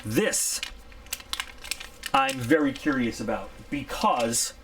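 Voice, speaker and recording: A man's voice: mid-range voice, wildly swooping pitch, takes it slowly, creaky, background noise. A man giving a casual, rambling unboxing review, chatty and candid. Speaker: product reviewer.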